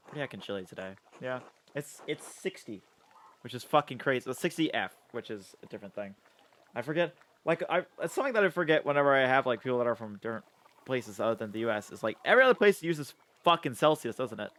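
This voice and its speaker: A young man talks through a game on stream in a chatty, playful way, with frequent swearing. His voice jumps around a lot in pitch at a middling level. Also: expressive, fast talker, fairly bright tone. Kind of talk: casual game-stream commentary.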